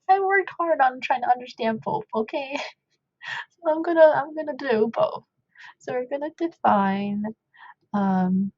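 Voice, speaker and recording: Young woman explaining code at home, mellow gravelly voice, lots of ums, kinda muffled dry recording. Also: mid-range voice, dry recording. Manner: rambling and self-deprecating, many fillers. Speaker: coding tutor. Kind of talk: casual coding walkthrough.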